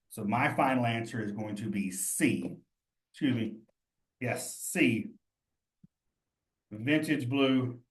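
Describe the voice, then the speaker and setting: A man's voice: medium pitch, reverberant. A man leading a cheese exam study session, reasoning through quiz answers aloud in a casual, encouraging way.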